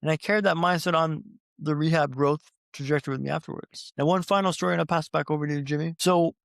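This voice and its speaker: Guy on a podcast telling his story like a seasoned speaker, quick and gravelly, repeats lines for effect. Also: a little high, fairly even intonation, fairly bright tone, dry recording, clean studio sound. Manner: rehearsed speaker's storytelling with repeated phrases for rhythm; addresses the host directly. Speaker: podcast guest.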